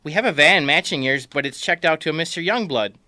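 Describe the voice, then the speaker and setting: A man's voice: on the high side, animated, a little fast, bright, forceful tone, no echo. A man voicing a polite, hesitant car rental desk clerk in a comic story. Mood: apologetic. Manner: polite, hesitant customer-service tone.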